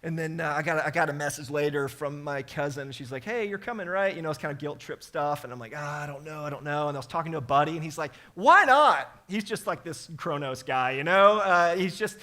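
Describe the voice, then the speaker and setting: A man's voice: on the high side, fast talker, hardly any pauses, bright, forceful tone. A man in his thirties preaching a sermon, telling stories animatedly with emphatic repetitions. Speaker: pastor.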